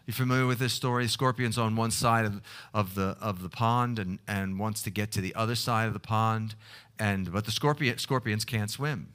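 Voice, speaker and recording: A man preaching a sermon, halting often with fillers and restarts as he tells stories. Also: fairly low pitch, fairly bright tone. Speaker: pastor. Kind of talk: sermon with prayer.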